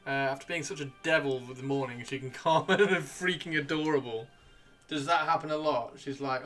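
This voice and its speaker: A man's voice: medium pitch, steady tone, fairly quick, fairly bright tone. Male streamer, casual rambling chat, swears lightly, faint music behind. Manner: rambling, swears casually, talks to himself while browsing. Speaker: livestream host. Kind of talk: casual chat while gaming.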